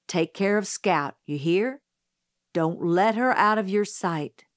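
A woman reading an audiobook, voicing a calm, steady middle-aged father with a low, firm, measured delivery. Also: no echo, studio quality, lightly acted. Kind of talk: audiobook character voice.

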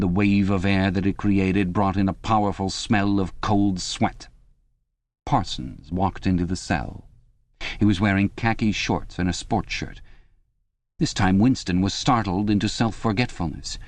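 A man giving scripted audiobook narration in an even, measured reading. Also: low voice.

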